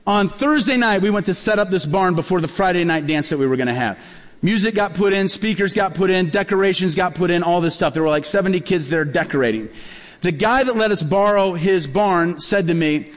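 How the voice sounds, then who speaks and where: Pastor guy with a high voice telling stories in a sermon, big hall echo on it. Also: brisk. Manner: animated, acts out dialogue in his stories. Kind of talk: sermon storytelling. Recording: long hall reverb.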